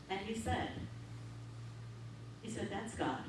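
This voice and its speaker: A woman minister telling a story in her sermon, lively and laughing often as she acts out what people said. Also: medium pitch, a little slow, long pauses. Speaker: minister giving a talk. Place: large hall of a spiritual center. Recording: echoey hall, distant mic, faint hum.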